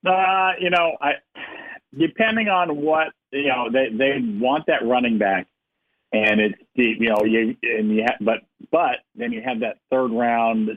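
A man's voice: medium pitch, measured pace. A man co-hosting a sports podcast by phone, rambling with many fillers and restarts. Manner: rambling, full of "you know" and restarts. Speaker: sports podcast co-host calling in. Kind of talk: casual sports podcast chat. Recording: tinny phone line.

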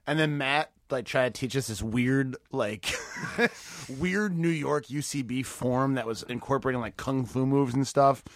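A comedian guest on a podcast, telling stories in lively casual chat and swearing freely. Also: male voice, mid-range voice, a little slow, no echo, studio quality. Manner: animated storytelling, swears freely.

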